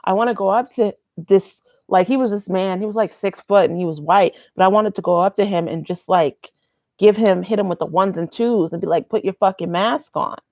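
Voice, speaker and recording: A woman's voice: medium pitch, a little fast, dry recording, highs cut off. A young woman vlogging casually, rambling and candid, swearing freely. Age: young adult. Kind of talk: casual vlog monologue.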